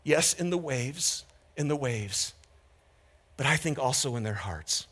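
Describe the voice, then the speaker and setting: A man preaching a sermon as pastor, candid and conversational, swinging from loud emphatic peaks to hushed moments. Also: mid-range voice, animated, measured pace, breathy edge.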